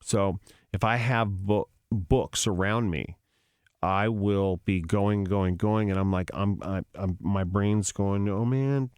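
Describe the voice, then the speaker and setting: A man's voice: deep voice, slow pace, clean tone, no echo, studio quality. A man guest on a podcast, telling stories casually and acting out sounds and quotes. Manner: animated, acts out sounds and quotes. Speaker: rock musician guest. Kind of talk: casual storytelling interview.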